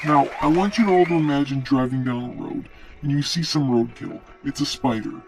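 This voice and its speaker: An actor playing a male cult leader on a talk show, who rambles in a calm, self-assured and surreal way. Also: medium pitch, normal speed, soft background music, a faint crowd, close to an everyday voice. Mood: serene, rambling.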